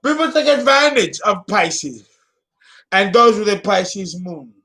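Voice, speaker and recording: A man's voice: high voice, very animated, takes it slowly, sharp tone. A man in his fifties giving a theatrical, exclamatory solo astrology talk. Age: 50s. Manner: dramatic, exclamatory, laughing.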